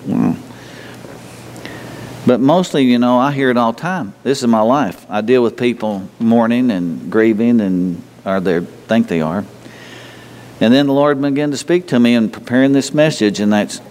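A pastor delivers a sermon in a folksy, conversational style, often posing questions to the congregation and mimicking people in a high, mocking voice. He speaks a little slowly with a darkish tone, and a long reverb tail trails his words.

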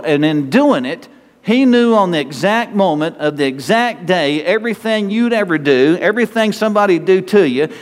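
A man with a North Texas accent, a pastor giving a lively, conversational sermon full of rhetorical questions. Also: high-pitched, big-room sound.

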